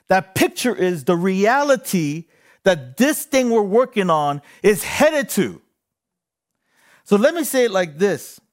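Animated high-voiced male preacher. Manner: animated preaching with repeated phrases and call-and-response. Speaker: pastor. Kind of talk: sermon.

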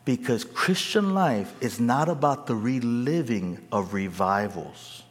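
Animated preacher in an echoey hall. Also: male voice, medium pitch, takes it slowly. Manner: animated, calls on the crowd to answer. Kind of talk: sermon.

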